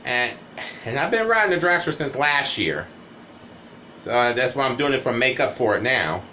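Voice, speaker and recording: A man's voice: mid-range voice, lively intonation, moderate pace, sharp tone, slight background noise. A man vlogging a rambling, casual storytime monologue, often tagging "right?" and "you know" onto his sentences.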